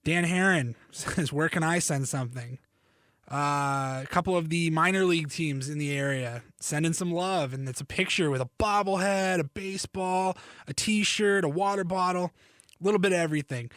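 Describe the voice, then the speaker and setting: A man's voice: a little high, moderate pace, fairly bright tone, no room sound, clean studio sound. A young man hosting a sports podcast, chatty and self-deprecating. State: slightly hoarse, needs to cough. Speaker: podcast host. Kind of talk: casual sports podcast monologue.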